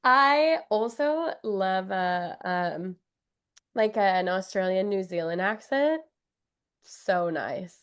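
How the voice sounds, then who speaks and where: A woman's voice: mid-range voice, lively intonation, slow pace, a bit bright, clear, resonant tone. A young woman from the Midwest chatting casually on a podcast, upbeat and giggly, with lots of fillers. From Wisconsin. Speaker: podcast guest. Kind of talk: casual chat.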